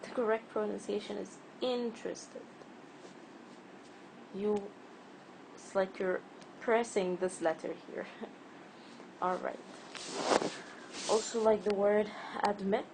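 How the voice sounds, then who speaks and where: A woman's voice: mid-range voice, fairly even intonation, slow pace, gravelly, long pauses, noisy background. A woman teaching a spelling and pronunciation lesson, patiently repeating words and stretching the stressed syllables.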